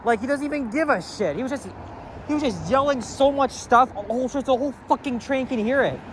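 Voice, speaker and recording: Man, high voice, swearing rant, outdoor street walk, faint traffic. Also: brisk, a bit bright. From Canada. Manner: angry, profane, rambling rant. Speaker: walking vlogger. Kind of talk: casual ranting walk-and-talk.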